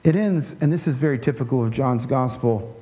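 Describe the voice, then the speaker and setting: A man preaching a conversational sermon in a relaxed way, with joking asides and frequent restarts. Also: medium pitch, a little fast. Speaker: pastor.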